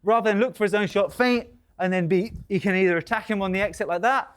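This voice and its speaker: A British man acting as a boxing trainer and pundit, demonstrating tactics and punctuating the moves with "boom". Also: fast.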